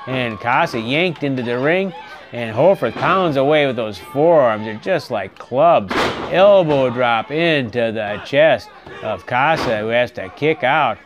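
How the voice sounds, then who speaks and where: A man calling a wrestling match play by play, getting excited and shouting on the big moves. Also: medium pitch, unhurried. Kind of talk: play-by-play commentary. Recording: live arena crowd and noise behind. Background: cheering wrestling crowd.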